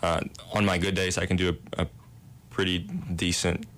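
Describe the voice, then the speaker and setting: A man's voice: low voice, fairly even intonation, normal speed, fairly bright tone. A young man, a residence hall director, answering interview questions in a modest, self-deprecating way with easy laughs.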